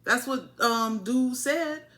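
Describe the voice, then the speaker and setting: A woman giving a casual, animated, colloquial TV episode recap, repeating her points for emphasis. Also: on the high side, slow pace. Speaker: TV show reviewer.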